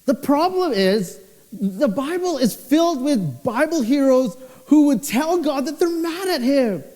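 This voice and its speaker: A young male pastor preaches in an unhurried, deliberate way, his fairly high voice leaping up and down as he tells stories. The sound carries a long church-hall reverb behind it. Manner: expressive storytelling, voice swinging low and high. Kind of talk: sermon.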